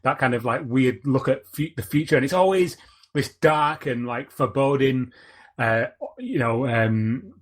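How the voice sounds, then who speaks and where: A man's voice: mid-range voice, unhurried. A man hosting a podcast, chatting casually and rambling as he searches for words. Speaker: podcast host.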